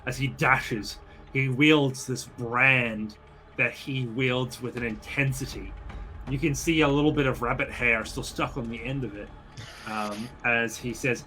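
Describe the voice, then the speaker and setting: A man narrating a tabletop game as game master, hesitant and often pausing with fillers. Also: medium pitch, steady tone, sharp tone, a little hiss or hum. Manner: hesitant, full of ums.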